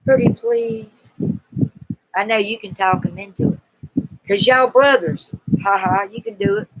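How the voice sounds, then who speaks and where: A woman's voice: medium pitch, big pitch swings, moderate pace, vocal fry. A woman with a Southern US accent chats through a casual live-stream Q&A. Her talk is folksy and chatty, and she teases and coaxes her viewers along. A faint hiss sits behind her voice. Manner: chatty, teasing and coaxing, folksy.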